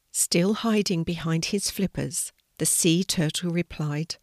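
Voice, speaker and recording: Slow older woman reading a story. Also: fairly low pitch, no room sound, clean studio sound.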